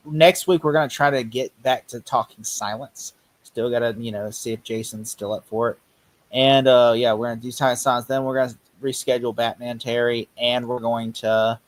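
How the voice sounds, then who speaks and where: A man's voice: mid-range voice, poor audio. A man hosting a casual watch-party stream, rambling with many fillers and frequent laughs. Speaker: stream host.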